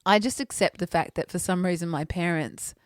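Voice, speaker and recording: Here a podcast co-host, a woman, tells stories in easygoing chat, often breaking into laughter. She talks fairly quickly in a fairly low register, captured in clean studio sound with no echo.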